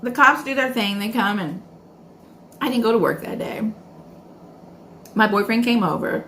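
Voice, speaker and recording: A woman's voice: a little high, expressive, moderate pace, fairly bright tone. A woman vlogger talks through a personal story between bites in a casual, chatty way, calling her viewers "y'all." She acts out her own past lines with real animation. A faint hum sits under her voice. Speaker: food vlogger.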